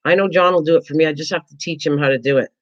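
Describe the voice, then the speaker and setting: A woman's voice: deep voice, racing, muffled recording. A woman hosting a casual craft livestream, rambling and chatty, playfully teasing her viewers.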